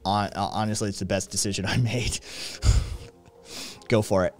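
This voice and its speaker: A man's voice: lowish voice, steady tone, moderate pace, soft background music. A man streaming live, chatting casually with viewers in a rambling, sarcastic way, with lots of swearing and filler words.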